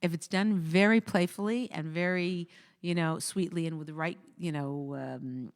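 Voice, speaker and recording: A woman hosting a talk show, giving casual marriage advice in an animated way and acting out quoted voices. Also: lowish voice, moderate pace. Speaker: host.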